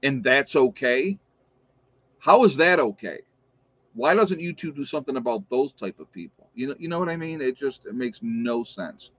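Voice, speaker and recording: A man hosting a casual livestream, chatting and reading out viewer shout-outs with opinionated asides. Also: medium pitch, expressive, normal speed. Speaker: livestream host. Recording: dull lo-fi stream audio.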